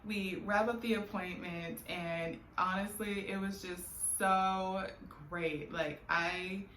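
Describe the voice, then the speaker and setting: A woman's voice: medium pitch, fairly even intonation, slow, fairly bright tone. Candid woman telling an emotional story. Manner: candid, emotional, laughs often, many fillers. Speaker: vlogger. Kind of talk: personal storytelling vlog. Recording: echoey room with faint background noise.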